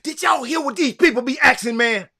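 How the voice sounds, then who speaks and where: A man's voice: extremely high pitch, fairly quick, creaky, bright, forceful tone. A man giving fired-up political commentary, preaching straight to his listeners.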